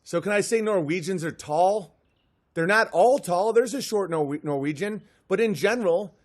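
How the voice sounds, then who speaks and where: A man delivering a comedy monologue in an animated way, often dropping into character voices. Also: sits high, breathy edge.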